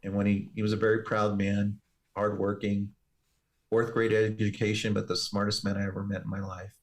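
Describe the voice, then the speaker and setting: A man, a firefighter and paramedic, telling a personal story as an interview guest in an earnest, measured way. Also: lowish voice, monotone.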